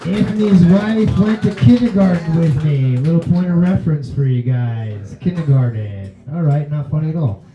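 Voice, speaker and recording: Dark-voiced man host introducing comics. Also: on the high side. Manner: quick, offhand introductions. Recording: dull echoey club sound with crowd and music.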